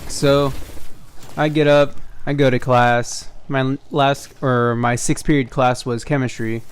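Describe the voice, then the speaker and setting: A man's voice: mid-range voice, a little slow, clean tone. A young man hosting a storytime video, casually recounting a tale over gameplay, acting out the dialogue and swearing freely. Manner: animated retelling, acts out dialogue, frequent swearing. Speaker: storytime gaming channel host.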